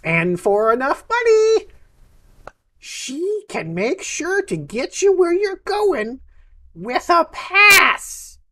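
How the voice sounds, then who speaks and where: A woman's voice: very high-pitched, big pitch swings, takes it slowly, bright, forceful tone, pitched above the performer's own voice, heavily acted. A woman voicing a helpful, chatty map shop clerk in a tabletop game, hesitating with fillers as she gives advice.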